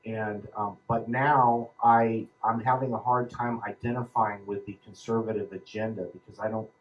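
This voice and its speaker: A man in his fifties from Southern California giving a halting personal account as a panel speaker, full of ums and restarts. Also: lowish voice, fairly even intonation, muffled recording. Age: 50s.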